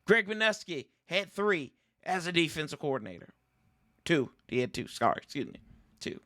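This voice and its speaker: Animated man ranting about football. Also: on the high side, normal speed. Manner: animated, exasperated ranting, addresses viewers as y'all. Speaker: sports podcast host. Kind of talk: casual fan commentary.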